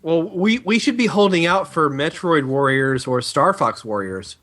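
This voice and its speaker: A man's voice: on the high side, lively intonation, moderate pace, fairly bright tone. A man co-hosting a casual gaming chat, easygoing as he relays game news and chat comments. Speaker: podcast co-host.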